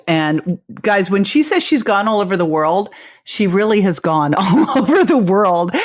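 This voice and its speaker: A woman hosting a podcast, upbeat and animated, explaining things simply in casual talk. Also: lowish voice. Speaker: podcast host.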